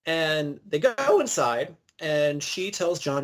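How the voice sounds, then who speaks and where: Man, podcast co-host, slightly high voice, lively story recap. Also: slow pace. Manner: animated storyteller, acts out quotes. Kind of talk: casual episode recap.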